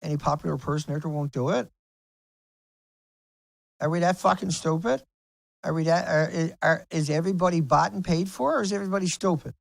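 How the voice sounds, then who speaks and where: Furious creaky-voiced man ranting. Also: on the high side, brisk, pauses often, dry recording, poor audio. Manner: heated, profane, repetitive. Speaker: video blogger. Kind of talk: angry ranting monologue to camera.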